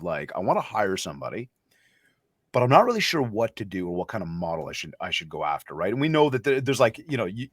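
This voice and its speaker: A man's voice: lowish voice, dry recording, studio quality. A man hosting a podcast who reacts with enthusiasm and asks long, rambling questions. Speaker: podcast host. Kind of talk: casual interview talk.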